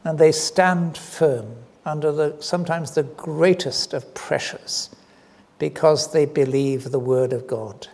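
A man preaching an evening sermon in a voice set a little high. He talks earnestly, lifting his pitch and volume on key phrases with frequent short pauses. A long reverb trails his words around a church hall. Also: mellow.

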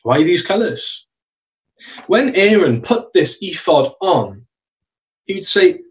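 A man preaching a sermon in a church, earnest, slowing down to stress key phrases. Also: sits high, very animated, far from the mic, low-quality recording.

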